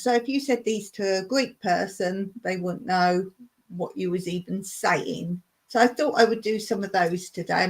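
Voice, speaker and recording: A woman hosting a casual home livestream, chatting and patiently explaining things while repeating words. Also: mid-range voice. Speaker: livestream host. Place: home in rural Cyprus.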